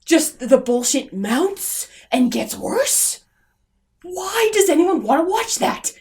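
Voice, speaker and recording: Her pitch swings widely and she speaks slowly. This young woman vlogger is ranting about a film in sarcastic exasperation, veering from loud outbursts to low muttering.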